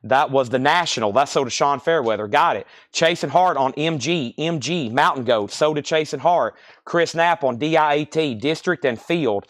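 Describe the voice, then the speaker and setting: A man running a live online record sale, calling out bids, buyers and prices in a rapid, repetitive patter. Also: on the high side, a bit bright, dry recording, clean studio sound. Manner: rapid-fire, repetitive calls of sales and prices. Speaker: live-stream record seller.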